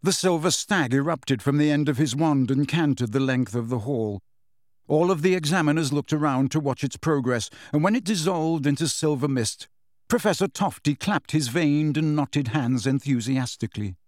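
A man narrating a storybook in a steady, measured reading voice. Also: a little high, no room sound, studio quality. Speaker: audiobook narrator.

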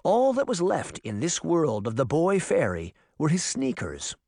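Male audiobook narrator, expressive and animated reading, dry studio recording. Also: a little high, unhurried, gravelly, no room sound. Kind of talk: scripted narration.

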